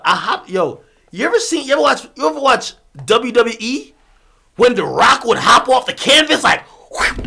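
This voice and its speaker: A young man from Jamaica streaming and telling a story in loose, profane casual chat. His voice sits high and bright, and it jumps around wildly. He breaks into laughter and shouts between low asides. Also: creaky. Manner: animated, swears freely, bursts of laughter, swings from loud to muttered.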